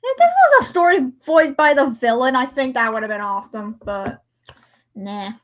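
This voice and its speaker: A high-pitched young woman livestreaming as she edits. Her talk is loose and chatty, full of giggles and asides to herself. She muses out loud between tasks. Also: expressive, moderate pace. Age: young adult. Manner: chatty, giggly self-talk with frequent laughs. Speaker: livestreamer editing a dramatic reading. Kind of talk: casual chat while editing.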